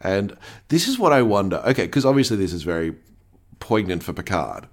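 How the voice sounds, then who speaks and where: A man's voice: low voice, sing-song, fairly quick. A young man casually chatting as a podcast co-host, wry and joking. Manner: wry, joking, acts out characters' lines. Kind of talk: casual chat recapping a TV episode.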